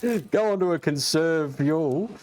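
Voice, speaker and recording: A man with an Australian accent commentating casually as he plays a racing game, excitable, swearing often and calling everyone mate. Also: a little high, normal speed, background noise. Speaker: gaming streamer. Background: game music and engine sounds.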